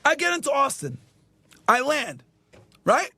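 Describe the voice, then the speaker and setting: A man in a played clip ranting in an agitated, shouting way, repeating himself. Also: extremely high pitch, very animated, moderate pace, a little hiss or hum. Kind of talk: heated rant in a clip.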